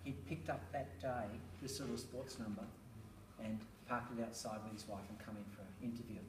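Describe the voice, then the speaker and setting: A middle-aged man gives a talk on raising children, spinning anecdotes and tossing in rhetorical asides with a chuckle. He is picked up from some distance in an echoey room, and steady noise sits under his voice. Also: medium pitch, a little fast. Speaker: speaker on parenting, school educator. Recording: roomy, distant, noisy room recording.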